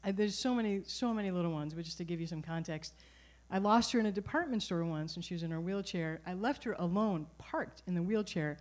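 A middle-aged woman telling a personal story at a live storytelling event, conversational and animated, with frequent restarts. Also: lowish voice, brisk, few pauses. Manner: conversational, animated, self-correcting.

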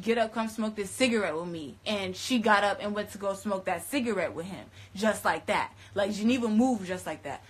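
A woman, casually retelling events in animated, profane, slangy storytelling. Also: medium pitch, slightly rough. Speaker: interviewee recounting events.

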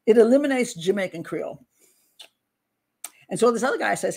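A woman's voice: mid-range voice, expressive, brisk, creaky, darkish tone, slightly rough. Woman host talking through a case casually, chatty and self-deprecating, with a mid-range voice. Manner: chatty, self-interrupting, laughs at herself. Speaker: true-crime commentator. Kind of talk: casual commentary to camera.

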